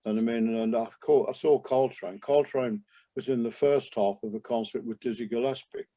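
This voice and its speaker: An older man, a jazz trumpeter, reminiscing in a relaxed interview, rambling with many restarts and asides. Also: medium pitch, moderate pace. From England.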